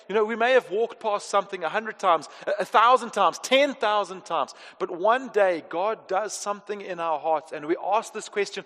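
A man preaching a sermon as pastor, swinging between emphatic and hushed delivery. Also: high voice, normal speed, hardly any pauses. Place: church hall. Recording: long reverb of a large hall.

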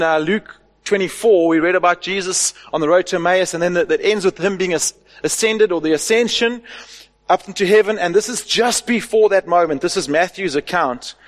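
A man preaching a sermon as the pastor, asking rhetorical questions and stressing key words. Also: high voice. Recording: long hall reverb.

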